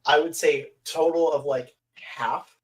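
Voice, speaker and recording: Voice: mid-range voice, fairly even intonation, takes it slowly. Podcast co-host chiming in casually. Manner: brief agreeing interjections. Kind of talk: casual chat.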